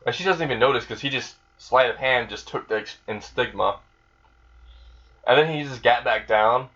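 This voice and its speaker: A man's voice: medium pitch, moderate pace, bright, forceful tone, slightly rough. Rambling man telling a fan story on a dull lo-fi mic. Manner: rambling, many fillers and restarts, swearing. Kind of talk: casual improvised story retelling.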